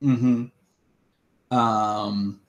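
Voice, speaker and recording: A man narrating his character's actions in a tabletop game, halting and with fillers. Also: fairly low pitch, level tone, lo-fi sound. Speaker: player.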